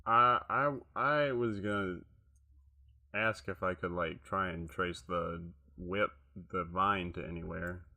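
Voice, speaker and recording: A man's voice: low-pitched, fairly even intonation, slow, bright, forceful tone. A man playing in a tabletop game, asking tentative questions. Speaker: player.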